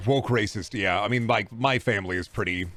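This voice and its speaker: A man's voice: lowish voice, brisk, fairly bright tone, soft background music. A young man from Texas, ranting sarcastically and profanely during a casual stream chat.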